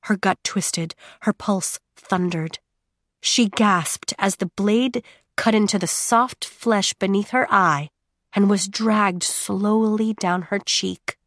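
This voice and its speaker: A woman narrates a dramatic audiobook with a steady, measured delivery and long pauses. Her pitch sits in the middle range. The sound is dry and close, with no room echo.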